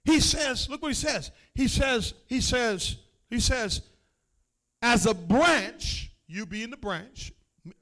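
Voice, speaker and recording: A man with a very high voice preaches a sermon at an unhurried, deliberate pace. He calls out to the congregation and waits on their replies, climbing from quiet talk into shouted, half-sung lines. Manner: call-and-response preaching, rising to shouts. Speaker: pastor.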